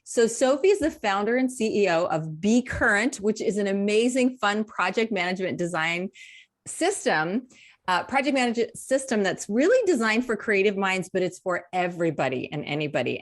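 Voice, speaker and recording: A woman's voice: medium pitch, lively intonation, normal speed. Woman cohosting a podcast, gushy and giggly, chatty. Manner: gushing, laughs often. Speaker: podcast co-host. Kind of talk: casual podcast chat.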